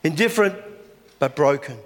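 A man's voice: a little high, animated, moderate pace. A man preaching a sermon as pastor, chatty, with lots of rhetorical questions. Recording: echoey hall.

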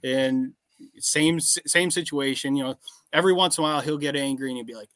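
A man's voice: medium pitch, fairly bright tone, dry recording. Plainspoken man, dry close sound. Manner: plainspoken, quick short affirmations. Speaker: podcast host and farmer. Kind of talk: casual podcast chat.

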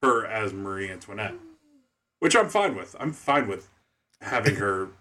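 A man co-hosting a casual podcast chat, explaining points in a measured way. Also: lowish voice, animated, pushed and bright.

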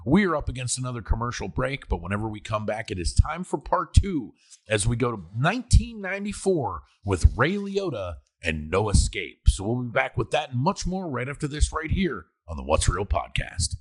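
A man's voice: medium pitch, moderate pace. A man hosting a podcast, chatting casually and profanely about a film and acting out its lines. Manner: profane, animated, acts out movie lines. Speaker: podcast host.

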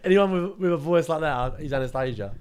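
A playful young man co-hosting a podcast, joking and laughing with a friend. His voice is a touch high and rises and falls freely as he talks. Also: expressive, fast talker, clean tone. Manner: playful, laughs a lot, belts out songs in a put-on voice. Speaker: podcast co-host. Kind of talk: casual banter.

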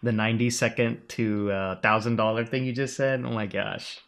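A man hosting a podcast, asking questions in a thoughtful way, with fillers and pauses. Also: on the low side, steady tone, creaky, a bit bright. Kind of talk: interview questions.

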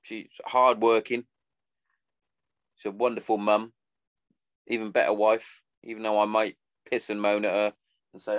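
A man's voice: lowish voice, flat delivery, a little slow, long pauses, clear, resonant tone, no echo, dull audio. A man in his thirties hosting a podcast, rambling casually with lots of swearing and some sentimental asides. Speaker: podcast host. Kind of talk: casual monologue.

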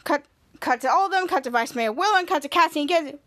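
A woman hosting a podcast, retelling a TV episode scene by scene in a halting, repetitive way with frequent restarts. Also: high-pitched, animated, pushed and bright. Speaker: podcast host. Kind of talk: casual episode recap.

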